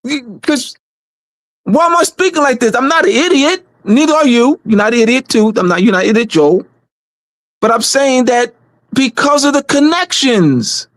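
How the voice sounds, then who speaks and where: A man's voice: very high-pitched, expressive, normal speed, fairly bright tone, no echo. A man speaking on a community livestream in a casual, emphatic way, repeating phrases for stress.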